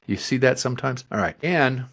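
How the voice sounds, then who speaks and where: A man co-hosting a podcast, telling an anecdote in animated casual chat. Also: mid-range voice, fairly quick. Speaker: podcast co-host.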